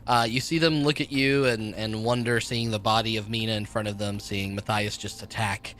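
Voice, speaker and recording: Low-voiced man running a tabletop game. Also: fairly even intonation, normal speed, fairly bright tone. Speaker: game master.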